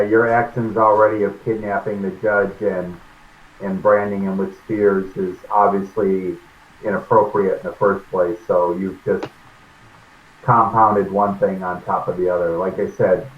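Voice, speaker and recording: A man's voice: low-pitched, slight background noise. A man playing a tabletop game, talking earnestly and at length in character. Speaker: player. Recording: tinny echoey call audio.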